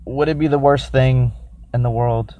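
A man hosting a casual solo podcast who rambles, thinks out loud and makes crude, self-mocking jokes while reviewing a drink. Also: mid-range voice, fairly even intonation, normal speed, lo-fi sound. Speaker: podcast host.

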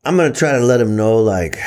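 A man in his thirties with a low voice, casually telling stories on a podcast, easygoing, swearing and laughing often. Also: darkish tone. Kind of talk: casual storytelling.

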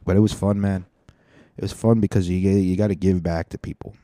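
A man's voice: low-pitched, fairly even intonation, fairly quick, warm tone, no echo, clean studio sound. A young man hosting a podcast, rambling through a profane, self-mocking comedic monologue. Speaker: podcast host.

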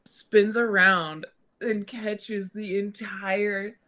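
A woman's voice: medium pitch, fairly even intonation, very slow, bright, forceful tone. A woman co-hosting a podcast, gushing with enthusiasm about a horror film in casual chat. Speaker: podcast co-host.

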